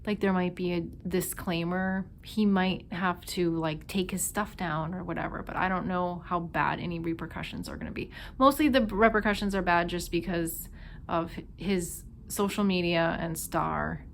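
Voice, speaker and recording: A woman's voice: lowish voice, moderate pace, vocal fry, slight background noise. A woman with a Minnesota accent giving a casual tarot reading, chatting and thinking aloud with lots of fillers. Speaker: tarot reader.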